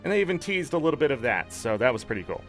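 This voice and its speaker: A man's voice: mid-range voice, very animated, racing, faint music behind. A man giving blunt, opinionated commentary on game patch notes as a gaming content creator, swearing freely.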